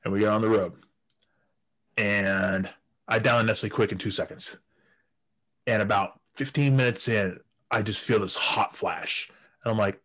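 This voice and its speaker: A man with a somewhat low voice tells crude stories in casual podcast talk. He laughs often as he goes. He trips over his words and restarts his sentences. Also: steady tone, a little slow, long pauses, a bit bright. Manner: laughs often while telling crude anecdotes, many restarts. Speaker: guest storyteller.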